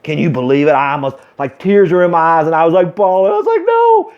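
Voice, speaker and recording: A man ranting in a vlog, thick with sarcasm and exaggerated mock excitement. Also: a little high, fast talker, smooth, lo-fi sound. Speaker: vlogger. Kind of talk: sarcastic rant.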